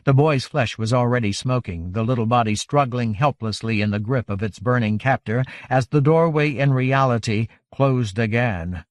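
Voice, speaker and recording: A man's voice: mid-range voice, moderate pace, hardly any pauses, no room sound. Man narrating an audiobook, dry and close.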